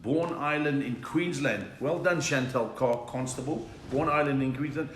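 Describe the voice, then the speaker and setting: A man's voice: medium pitch, normal speed, a little hiss or hum. An older South African man, a comedian, telling jokes and reading viewer comments in a live chat from home. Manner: chatty, joke-telling, reads out viewer comments. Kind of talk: live-streamed stand-up chat. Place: home room during lockdown. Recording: echoey room.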